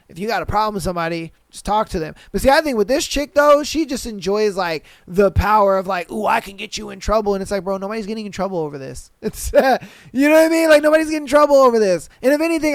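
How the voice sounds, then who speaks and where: A man's voice: extremely high pitch, clean tone, dry recording. A young man hosting a podcast, ranting bluntly with lots of swearing and putting on voices to mock people. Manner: blunt, profane, animated. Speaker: podcast host. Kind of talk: casual ranting commentary.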